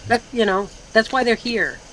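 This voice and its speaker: A woman appears as a guest in a casual live chat, her voice on the high side and fairly bright, at a normal speed, on a low-quality recording. She talks bluntly and loosely, with plenty of fillers and free swearing.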